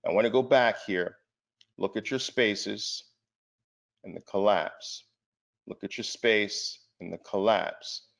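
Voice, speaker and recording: At a trading seminar, a man gives a market presentation, speaking emphatically and putting rhetorical questions to the audience. His voice is lowish, slow and fairly bright, with vocal fry.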